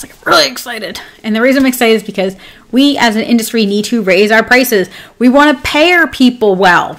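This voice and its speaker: A woman's voice: on the high side, a bit bright. A woman coaching pet groomers in a casual live class, chatty and upbeat, rambling with plenty of fillers. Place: home with her dog nearby.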